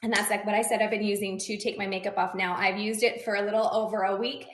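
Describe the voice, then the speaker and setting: A young adult woman, a beauty influencer, chatting brightly to her viewers while reviewing and demonstrating skincare. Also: mid-range voice, little pitch movement, quick pace, a little hiss or hum. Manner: bubbly, chatty, addresses viewers directly. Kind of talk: product review and demo. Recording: echoey room.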